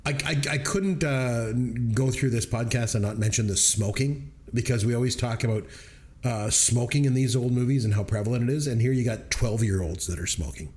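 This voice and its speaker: A man co-hosting a movie review podcast, telling stories in an animated way and laughing often. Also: medium pitch, brisk. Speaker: podcast co-host. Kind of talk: casual movie review chat.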